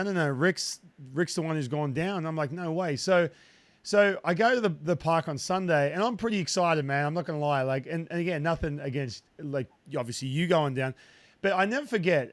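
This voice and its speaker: Fired-up guy in his 30s hosting a podcast, slightly high voice. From Australia. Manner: enthusiastic, chatty, many restarts. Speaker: podcast host, broadcaster. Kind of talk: casual interview chat.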